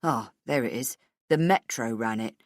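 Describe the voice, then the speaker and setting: A woman doing a calm, measured male boss. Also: extremely low pitch, no echo, clean studio sound, pitched below the performer's own voice. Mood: matter-of-fact.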